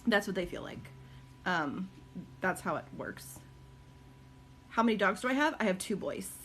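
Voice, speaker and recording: Middle-aged woman, home live stream, talking into a phone, loose filler-heavy chat, mid pitch. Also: expressive, normal speed, fairly bright tone, slight background noise. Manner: chatty, rambling, many ums and likes; high cooing baby talk to her dogs. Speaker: live-stream host and caregiver mom. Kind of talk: casual live-stream chat answering viewer questions. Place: her home, indoors.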